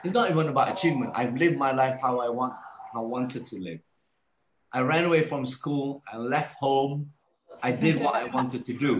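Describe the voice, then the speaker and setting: A man guest telling a personal story in a casual live talk, animated and acting out the voices of people he describes. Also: medium pitch, normal speed, reverberant, a little hiss or hum.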